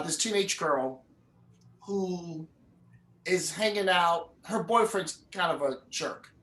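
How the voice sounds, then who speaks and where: Male filmmaker guest, animated storyteller, in a reverberant lecture hall. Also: sits high. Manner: animated, acts out the characters. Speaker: film director and guest speaker. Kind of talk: storytelling in a live conversation. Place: university event hall.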